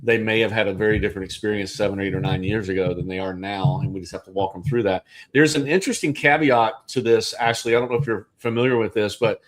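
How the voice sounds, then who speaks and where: A man's voice: fairly low pitch, quick pace, few pauses. Man hosting a real estate chat. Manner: conversational, thinks aloud with restarts. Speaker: real estate agent and livestream host. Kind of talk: casual livestream discussion.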